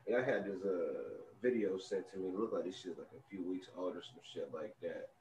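A man with a lowish voice hosting a casual commentary video, full of street slang. He sounds set back from the mic in a roomy space, with faint noise behind. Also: expressive, brisk, darkish tone, distant mic. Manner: loose slang-heavy street talk.

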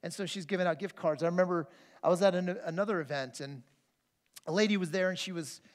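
High-voiced pastor in an echoing hall. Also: male voice, quick pace. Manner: earnest, storytelling, frequent restarts. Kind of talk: conversational sermon with personal stories. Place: church sanctuary. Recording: long reverb of a church hall.

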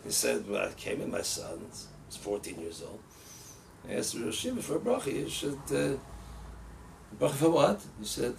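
A man's voice: medium pitch, huge pitch swings, normal speed, gravelly. A man, a rabbi, telling stories casually, laughing often and acting out the quotes. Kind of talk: casual storytelling. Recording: distant mic with faint ambient noise.

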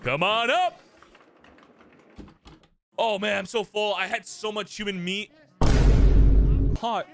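A man's voice: high-pitched, flat delivery, measured pace, vocal fry, pauses often, background noise. A young man giving profane, jokey reactions while commentating a horror game. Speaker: gaming YouTuber.

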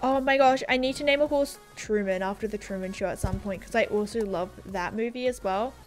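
A woman's voice: mid-range voice, a little fast, faint music behind. A young Australian woman chatting casually on a game livestream, rambling and giggling as she reads viewer comments aloud. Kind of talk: casual livestream chat while gaming.

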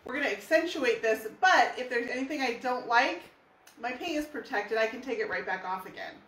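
A woman's voice: a little high, lively intonation, brisk, fairly bright tone, far from the mic. Chatty woman giving a painting tutorial. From California. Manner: chatty, friendly, explains step by step. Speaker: furniture painting instructor. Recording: echoey room.

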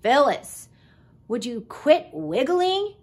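Woman doing a scornful young male groundhog, low and slow. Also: big pitch swings, exaggerated voice. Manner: sneering, grumpy.

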